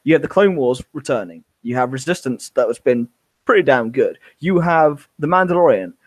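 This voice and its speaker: A man co-hosting a podcast chats casually in a mid-range voice with lively intonation at normal speed, gushing with enthusiasm in a fan discussion. The recording is dry.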